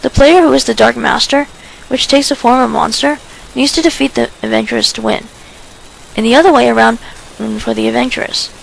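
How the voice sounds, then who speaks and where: A woman's voice: on the high side, brisk, gravelly, slight background noise, rough recording. A woman voicing a friendly, eager teenage boy who explains things earnestly and at length.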